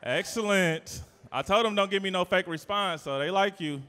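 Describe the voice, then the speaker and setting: Loud teasing emcee man. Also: sits high, moderate pace, clean tone. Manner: loud, teasing, playful crowd-work with sudden shouts. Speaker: event host and emcee. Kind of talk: live hype emcee to a crowd. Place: live event venue indoors. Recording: long reverb of a big event hall.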